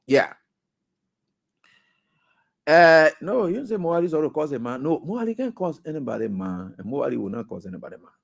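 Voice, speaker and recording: Animated man on talk radio. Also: fairly high pitch, a little fast, vocal fry, pauses often. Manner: animated, scolding, mocking. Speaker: radio talk show host. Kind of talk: political commentary.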